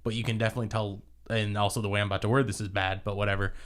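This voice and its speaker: A man co-hosting a podcast in casual chat, animated and teasing, laughing easily. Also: lowish voice, very fast. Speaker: podcast co-host.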